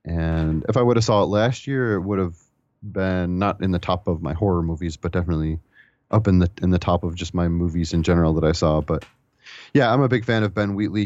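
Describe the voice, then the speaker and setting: A man's voice: deep voice, a little fast, darkish tone, dry recording, dull audio. A man casually reviewing movies on a podcast, rambling and enthusiastic, with some swearing. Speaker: podcast co-host.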